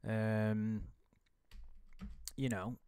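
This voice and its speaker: A man's voice: lowish voice, fairly even intonation, extremely slow, darkish tone, smooth. A man giving casual, rambling commentary while reading out a chat log, full of swearing, restarts and laughter.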